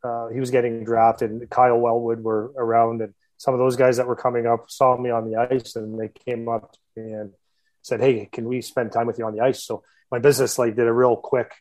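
A hockey skills coach, a man of ordinary pitch, spins a long story in casual conversation. He circles back, restarts sentences and adds laughing asides as he talks. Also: little pitch movement, a little fast, a little mellow, low-quality recording. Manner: rambling, self-interrupting, laughing asides.

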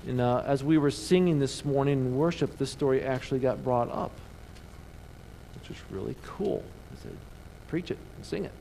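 A man preaching a sermon in church, animated, calling the congregation to answer back. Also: mid-range voice, normal speed, creaky, a little hiss or hum, low-quality recording. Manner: animated preaching with call-and-response. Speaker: pastor. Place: church sanctuary.

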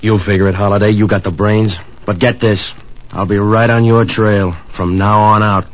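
An actor playing a menacing male hoodlum in a 1940s radio drama, blunt, clipped and low. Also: flat delivery, normal speed, lightly acted. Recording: tinny 1940s radio broadcast.

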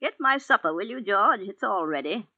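A woman's voice: mid-range voice, lively intonation, normal speed, pushed and bright, slightly rough, no room sound, heavily acted. An actress in a 1940s radio play voicing a frail, elderly invalid woman in a wheelchair, with a quavering, fretful manner. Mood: fond. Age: older. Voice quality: quavering, fretful, easily startled. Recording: tinny 1940s radio broadcast.

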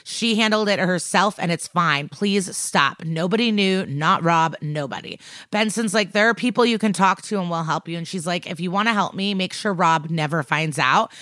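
A woman with a slightly low voice chats through a TV episode recap as a podcast co-host. She retells scene after scene briskly and tosses off the characters' quotes in passing. The sound is close and dry. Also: bright, forceful tone, no room sound. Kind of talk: casual chat recap.

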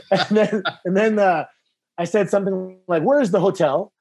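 A man's voice: sits high, measured pace, background noise. A man telling stories as a guest in casual chat, acting out the voices of people in his anecdotes. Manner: animated, acts out voices in anecdotes. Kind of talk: casual storytelling.

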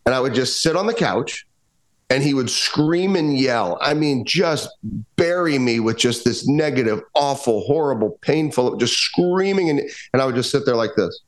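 A man's voice: medium pitch, animated, normal speed. A man who is a guest on a podcast interview, telling a personal story in an earnest, emphatic way and often restarting his sentences. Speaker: guest, performance coach.

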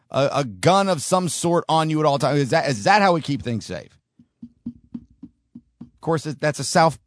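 A man's voice: medium pitch, no echo, studio quality. A man hosting a podcast, ranting in opinionated solo commentary with frequent restarts. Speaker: podcast host.

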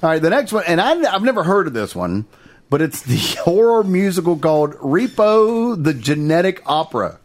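A man co-hosting a casual podcast chat with friends, animated and laughing often as he reads through a list. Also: fairly high pitch, moderate pace. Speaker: podcast co-host.

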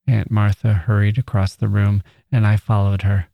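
A man reading a nineteenth-century story aloud as a podcast host, in a measured, deliberate manner. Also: lowish voice, flat delivery, creaky, mellow, no room sound, dull audio.

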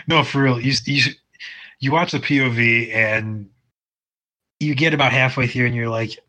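A man with a mid-pitched, bright voice talks casually on a podcast. He restarts his sentences often and laughs easily. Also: moderate pace, pauses often, poor audio. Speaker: podcast co-host. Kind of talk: casual chat.

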